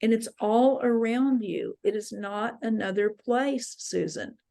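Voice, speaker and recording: A man's voice: high-pitched, measured pace, creaky. Woman retelling a kindly departed father. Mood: gentle. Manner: gentle, calm, reassuring.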